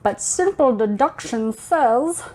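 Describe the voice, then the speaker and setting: A woman's voice: a little high, lively intonation, slow, a little mellow, rough recording. Eli, a woman doing an eccentric teen boy. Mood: cocky. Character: eccentric teenage boy with a camera.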